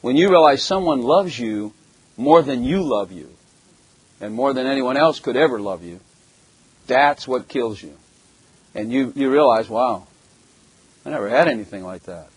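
Man, from Germany, preacher, husky voice, dry close sound, blunt and jokey. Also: medium pitch, expressive, a little slow, long pauses, no room sound, low-quality recording. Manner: blunt, jokey, rhetorical questions. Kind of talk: sermon with personal testimony.

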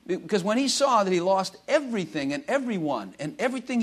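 A man's voice: high voice, big pitch swings, fairly quick. A man preaching a conversational sermon, throwing rhetorical questions at the congregation and acting out prayers.

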